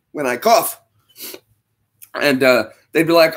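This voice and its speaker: A man's voice: fairly high pitch, takes it slowly, long pauses. A man hosting a livestream, rambling through jokes that amuse himself in casual chat. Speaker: livestream host. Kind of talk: casual joking stream chat.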